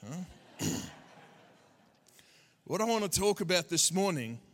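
A man's voice: high-pitched, animated, takes it slowly, a bit bright. A man with an Australian accent preaching a sermon as a guest speaker, joking with the crowd between bursts of emphasis. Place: church hall. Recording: long reverb of a large hall.

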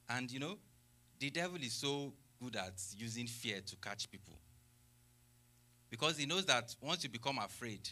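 A man's voice: on the low side, bright, forceful tone. A man preaching a sermon who reads scripture aloud and explains it with rhetorical questions and exclamations of praise.

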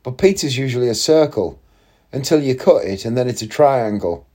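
A man's voice: medium pitch, lively intonation, normal speed, dark tone. A man, telling a long story in a chatty, rambling way with wry asides. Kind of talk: casual storytelling monologue.

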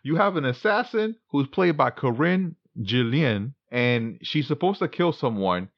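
A man's voice: mid-range voice, animated, unhurried, no room sound, lo-fi sound. A man co-hosting a casual podcast chat, rambling through film news and laughing at his own slips. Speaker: podcast co-host.

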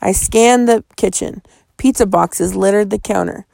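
A woman's voice: medium pitch, unhurried, gravelly, dark tone, no echo. A woman reading a children's novel aloud, with a tense, suspenseful delivery. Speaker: audiobook narrator. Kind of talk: storybook reading.

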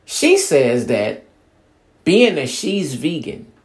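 A man's voice: on the high side, big pitch swings, takes it slowly. A man hosting a podcast, talking in a casual, profane, streetwise monologue and mocking other people's demands with "blah, blah". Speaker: podcast host.

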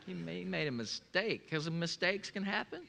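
A man's voice: high-pitched, animated, normal speed, gravelly, pushed and bright. A male pastor preaching a sermon, telling stories with folksy humor and leading the congregation in call-and-response.

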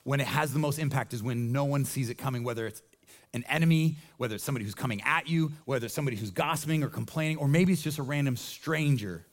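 A man preaching as a pastor in a conversational, animated way, often restarting his sentences. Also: mid-range voice, fast. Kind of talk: sermon.

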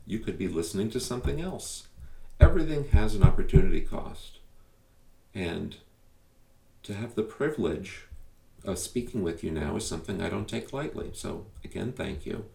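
Gravelly-voiced man talking to listeners. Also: on the low side, lively intonation, normal speed, a little mellow, distant mic. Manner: emphatic, conversational, rhetorical questions. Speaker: podcast host. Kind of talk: direct-to-listener podcast monologue. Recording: echoey room, a bit off mic.

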